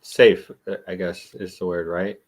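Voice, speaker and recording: Male co-host, deep voice, slow dry asides. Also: level tone. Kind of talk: casual chat.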